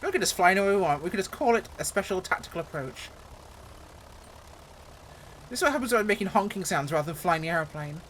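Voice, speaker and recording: A woman's voice: on the low side, animated, quick pace, long pauses, a bit bright, slight background noise. A woman at home giving casual, joking, self-mocking commentary as she reviews a flight sim.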